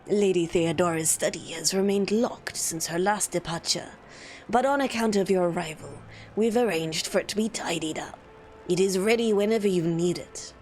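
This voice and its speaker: A woman's voice: lowish voice, moderate pace, darkish tone, a little hiss or hum, voice pushed down, natural voice. A woman voicing a villain-coded male secretary who speaks with formal, fawning politeness in a raised voice. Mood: courteous.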